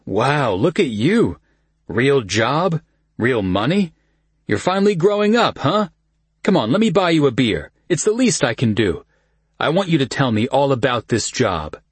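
A man voicing a boisterous young man who teases his cousin loudly, higher than his own voice. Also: normal speed, husky, dry recording. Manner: loud, excited, mocking.

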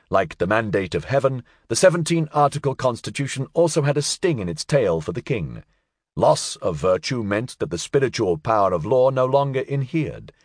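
Animated male history narrator, dry close sound. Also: medium pitch, breathy edge, no echo. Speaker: audiobook narrator.

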